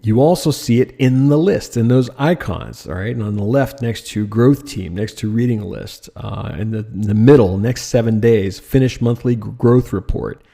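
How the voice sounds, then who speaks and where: A man teaching a design lesson over slides, lively and emphatic, often asking the listener rhetorical questions. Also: fairly low pitch, moderate pace, vocal fry, few pauses. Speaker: design instructor.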